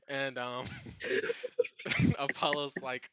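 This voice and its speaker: A man's voice: medium pitch, measured pace, fairly bright tone, no echo, lo-fi sound. A man narrating a tabletop game as its game master, easygoing and often laughing.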